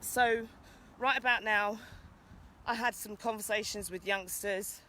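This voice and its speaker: A woman's voice: mid-range voice, fairly even intonation, measured pace, pushed and bright, a little hiss or hum. A British woman giving an urgent, impassioned rant in an outdoor vlog, calling out to people passing by. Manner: urgent, exhorting, calls out to passers-by. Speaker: vlogger.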